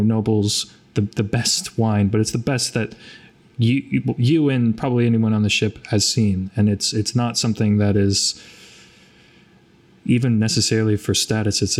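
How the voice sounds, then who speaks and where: A man narrating a tabletop role-playing game as game master, halting and repeating words often. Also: lowish voice, darkish tone.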